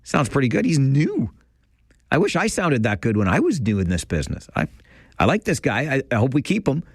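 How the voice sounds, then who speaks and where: A man's voice: medium pitch, huge pitch swings, fairly quick, vocal fry, husky, no echo. A male radio host on a studio mic, with a voice that swings widely up and down as he jokes with callers. His delivery is playful and teasing. The sound is dry and close. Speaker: radio talk show host. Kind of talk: radio call-in chat.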